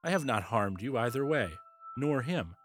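A man's voice: medium pitch, very animated, moderate pace. A man voicing a cunning old king. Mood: coaxing. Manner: gentle, persuasive speech. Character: cunning older male king, smooth and scheming.

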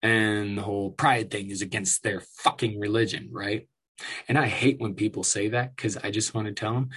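A man's voice: fairly low pitch, steady tone, normal speed, a bit bright, husky. A man delivering an angry, profane, sarcastic rant as commentary, with mocking asides. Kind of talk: ranting commentary.

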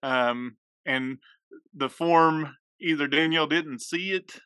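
A man's voice: on the high side, takes it slowly, sharp tone, clean tone, dry recording. A male podcast host setting up a guest story in a loose, rambling way. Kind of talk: casual interview chat.

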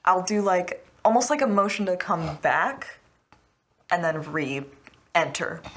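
A woman's voice: on the low side, lively intonation, slow pace, fairly bright tone. A woman playing a tabletop game, describing her character's moves while thinking aloud. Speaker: player.

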